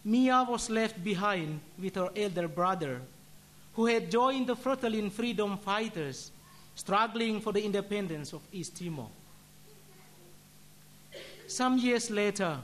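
A religious brother giving a solemn sermon, telling a story and ending in prayer with measured, deliberate delivery. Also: male voice, high-pitched, lively intonation, fairly bright tone.

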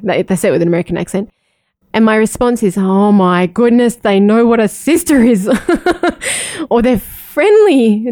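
Mellow-voiced nun giving a reflective talk. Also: female voice, mid-range voice, no echo, studio quality. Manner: reflective, personal storytelling. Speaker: religious sister. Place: living in the United States, not from there.

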